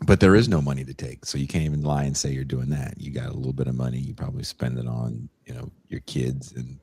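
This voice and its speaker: A man's voice: a bass voice, fairly even intonation, quick pace, vocal fry, a little mellow, slightly rough. A man co-hosting a podcast in casual chat, joking and teasing. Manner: jokey, slips into mocking put-on voices. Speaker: podcast co-host.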